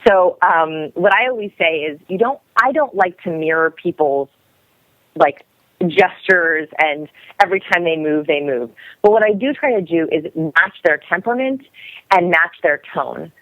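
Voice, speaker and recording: A young woman who talks quickly and energetically, explaining as a guest expert in a podcast interview. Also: fairly low pitch, animated, no echo. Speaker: guest expert on body language. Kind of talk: podcast interview over the phone. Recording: dry, tinny phone line.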